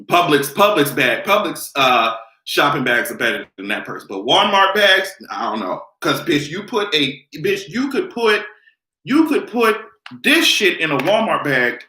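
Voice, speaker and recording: Male vlogger, brash profane rant, bright tone, roomy echo. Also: a little high, a little slow. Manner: loud, animated, profane ranting. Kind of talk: live stream rant.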